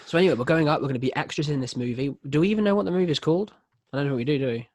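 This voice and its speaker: A man's voice: a little high, rapid-fire, a little mellow, no room sound, studio quality. A man hosting a podcast, teasing his friend in casual, laughing chat with plenty of swearing. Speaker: podcast host.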